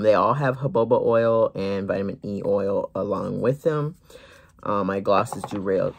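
A brand owner showing off lip glosses in a relaxed vlog, filmed in a corner of their home, with plenty of ums and gentle asides. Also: medium pitch, creaky. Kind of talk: product showcase vlog.

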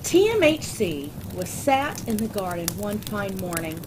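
A woman reading a crude comic fan story aloud in a deadpan, unhurried way. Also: medium pitch. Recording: noisy background ambience.

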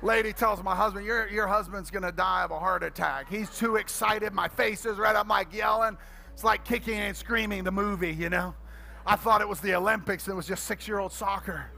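A middle-aged pastor preaching an energetic sermon, telling comic stories and swinging between quiet asides and loud shouting. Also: male voice, high-pitched, brisk, vocal fry, a little hiss or hum.

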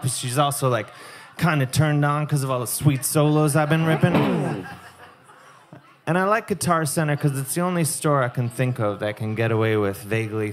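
A man performing a crude, deadpan stand-up comedy set on a live music club stage, speaking into a stage microphone. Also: on the high side. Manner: deadpan, crude, rambling storytelling.

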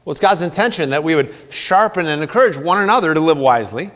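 A man's voice: a little high, lively intonation, fast, a bit bright, in a large hall. A man preaching a sermon as pastor, reading scripture aloud in an earnest way with playful asides. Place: church sanctuary.

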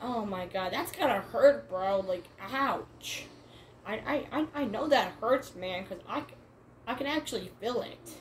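A woman giving let's play commentary, excitable and repetitive, calling everyone "bro" and "man" and shouting at the screen. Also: a little high, unhurried, slight background noise. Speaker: gamer.

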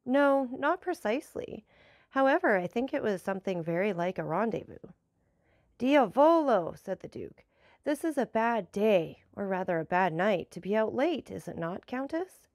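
Woman reading a classic novel, slight fry. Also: darkish tone, dry recording, studio quality. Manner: measured, lightly varies pitch for dialogue. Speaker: audiobook narrator. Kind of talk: classic novel read aloud, voicing characters lightly.

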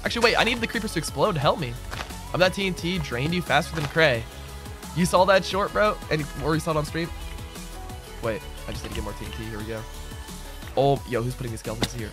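Laid-back male streamer, mid-range voice, answers chat loosely over clear background music. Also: medium pitch, quick pace, pauses often. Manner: relaxed, answers chat aloud, says "bro" a lot. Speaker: streamer and server owner. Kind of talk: casual livestream chatter while gaming.

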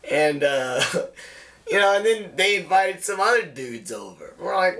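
A man's voice: on the high side, animated, slow, fairly bright tone. A young man casually telling a wild personal story, laughing often and swearing freely.

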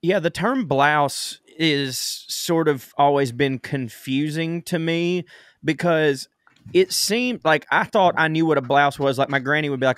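A man co-hosting a podcast, chatting casually and telling drawn-out stories with a wry edge. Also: on the high side, fairly bright tone, no echo, studio quality. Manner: laid-back, wry, drawn-out storytelling. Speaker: podcast co-host.

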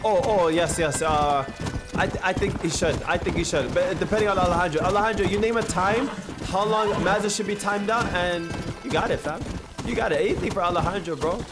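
A young man streaming a video game, chatting in a rambling, excitable way with heavy slang. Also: high voice, a little fast, loud music behind the voice. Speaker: gaming streamer. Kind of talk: casual live-stream commentary. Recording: noisy stream with game sounds.

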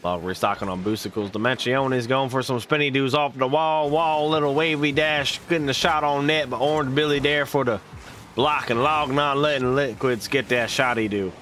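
A man's voice: mid-range voice, fairly even intonation, moderate pace, fairly bright tone, slight background noise, close to an everyday voice. A man putting on a Southern US accent as a folksy male esports caster, hyped and full of goofy made-up slang. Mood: excited. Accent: put-on Southern US. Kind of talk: live esports commentary.

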